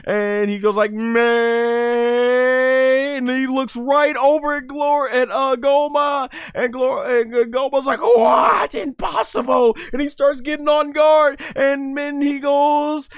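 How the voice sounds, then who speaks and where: A man hosting a podcast, giving excited casual commentary on an anime fight and acting out the characters' shouts. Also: very high-pitched, a little slow, few pauses, dry recording. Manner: enthusiastic, acts out characters' shouts. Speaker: podcast host reviewing an anime episode.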